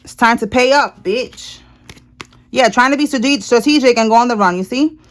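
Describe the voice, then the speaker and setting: A woman's voice: a little high, moderate pace. A woman giving a casual tarot reading to her viewers, talking bluntly and emphatically, swearing freely and checking in with "all right?". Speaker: tarot reader. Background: people talking in the house.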